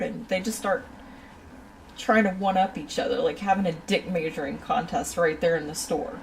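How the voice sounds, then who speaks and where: A woman who works in a shoe store, telling a casual, animated story about her customers and laughing often. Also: fairly low pitch, normal speed, recorded from a distance, slight background noise, low-quality recording. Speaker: retail shoe store worker.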